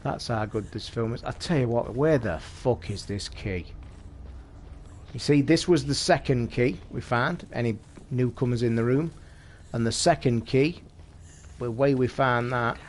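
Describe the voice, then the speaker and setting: Swearing streamer, chatty. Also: male voice, medium pitch, a little slow, slight background noise. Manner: chatty, swears constantly, talks to chat. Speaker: live streamer. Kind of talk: casual live gameplay commentary.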